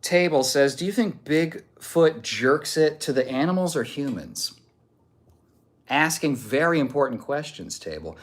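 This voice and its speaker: A man's voice: a little high, expressive, measured pace. A man streaming live, reading viewer messages aloud in a joking, off-hand way. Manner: joking, off-hand, reads messages out one after another.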